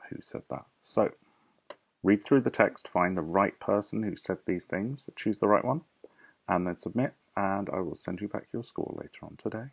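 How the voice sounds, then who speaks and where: Gravelly male teacher giving a lesson. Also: lowish voice, moderate pace. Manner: clear, patient classroom explaining. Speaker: primary school teacher. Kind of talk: recorded online English lesson.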